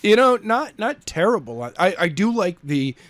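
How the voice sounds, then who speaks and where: New England man, jokey co-host, animated voice, dry close mic. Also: high voice, moderate pace, no room sound. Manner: playful, laughs often, jokey defensive. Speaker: podcast co-host and reader. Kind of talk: casual banter.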